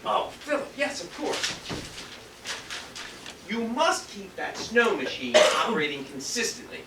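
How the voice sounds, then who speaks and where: A man acting a vain, pompous stage director with a theatrical, shouty manner, recorded far off in an echoey hall. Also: sits high, sing-song, measured pace, full character voice. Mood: grandiose. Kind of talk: amateur stage comedy acting. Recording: echoey stage from a distant mic, faint hiss.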